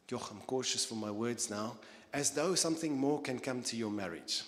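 Man, pastor, sermon, earnest, soft dips and emphatic stresses, long hall reverb. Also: mid-range voice, moderate pace.

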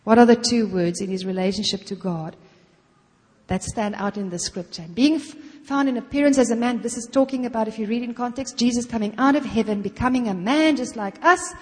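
A middle-aged woman delivers a sermon as if chatting with friends, sprinkling "you know" through her sentences and acting out short prayers. Her voice sits a little higher than most women's. A long hall reverb trails behind every phrase. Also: brisk, darkish tone. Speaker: guest preacher.

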